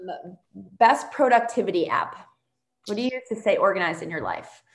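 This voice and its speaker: A woman's voice: mid-range voice, lively intonation, moderate pace. A woman hosts a casual podcast interview and affirms her guest as she goes. Her voice sits in a middle range. The recording has a roomy echo around it. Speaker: podcast host. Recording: echoey room.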